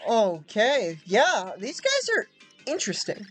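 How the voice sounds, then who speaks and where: A woman's voice: medium pitch, very animated, unhurried, faint music behind. A young woman giving casual, chatty commentary over a video game, with lots of fillers and giggly asides. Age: young adult. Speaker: let's play host.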